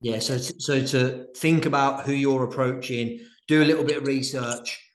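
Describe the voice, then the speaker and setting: A man's voice: mid-range voice, fairly even intonation, moderate pace. Podcast host man in a roomy echo. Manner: thoughtful, framing questions for listeners. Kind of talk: podcast interview.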